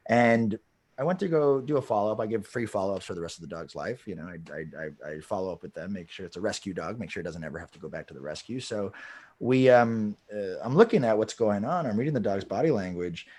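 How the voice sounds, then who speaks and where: A man who is a dog trainer on a podcast, telling a client story in a lively way. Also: on the low side. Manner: lively storyteller, many backchannel hums.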